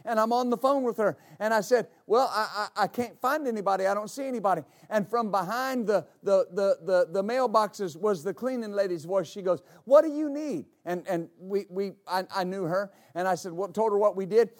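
A middle-aged male pastor telling a story in a sermon, with many halting restarts that build into emphatic declarations. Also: high voice.

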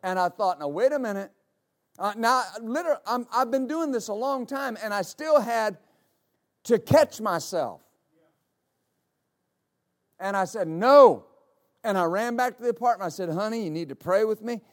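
A middle-aged male pastor telling a story in a sermon, with many halting restarts that build into emphatic declarations. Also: sits high, lively intonation.

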